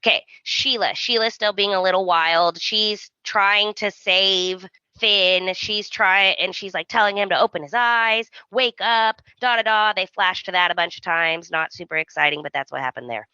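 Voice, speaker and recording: A woman's voice: mid-range voice, moderate pace, few pauses, sharp tone, smooth, dry recording. A woman hosting a podcast, retelling soap opera scenes in casual chat and acting out the characters' lines. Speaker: podcast host. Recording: dull, dry lo-fi sound.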